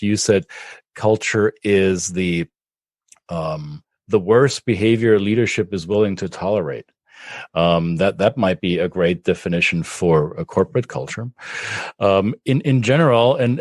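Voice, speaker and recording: Guest: low-pitched man, German accent, thoughtful and measured, dry close sound. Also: a little mellow, dry recording. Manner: thoughtful, measured explanations with frequent restarts. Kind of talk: podcast interview.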